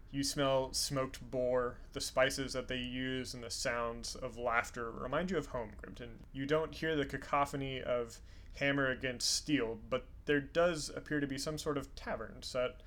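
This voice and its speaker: A man running a tabletop game, narrating the scene in a calm, descriptive way with an occasional "uh". His voice is mid-pitched and unhurried. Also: clear, resonant tone. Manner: descriptive, relaxed, with frequent fillers. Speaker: game master.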